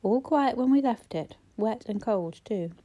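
A woman's voice: on the high side, animated, measured pace, dark tone. A woman reading an easygoing schoolteacher son.

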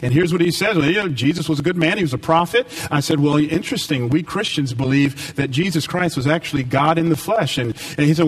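A man preaching a sermon, animated and rising to emphatic peaks. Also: on the high side, quick pace, hardly any pauses, recorded from a distance, poor audio.

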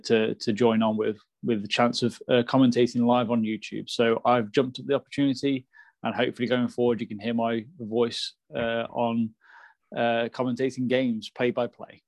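A man's voice: medium pitch, level tone, normal speed, gravelly, no echo. A man co-hosting a casual podcast, explaining things patiently and often repeating words as he starts. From England. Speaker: podcast co-host.

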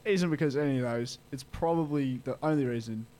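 A man's voice: mid-range voice, a little fast, heavy background noise. A young man, co-hosting a student radio show in rambling casual chat with dry jokes.

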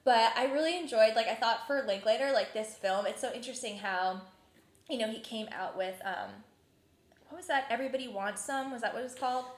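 A young woman from New Jersey hosting a casual chat, animated and full of filler words. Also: a little high, brisk. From New Jersey, USA. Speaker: podcast host. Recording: roomy echoing room.

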